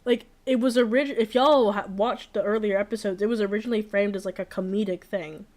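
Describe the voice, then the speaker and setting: A young woman talks casually at a middle pitch, wandering through her thoughts with plenty of fillers and restarts. She is blunt and opinionated about what she likes and doesn't. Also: steady tone, brisk, darkish tone. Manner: rambling, frequent fillers and restarts. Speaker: streamer. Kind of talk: casual chat.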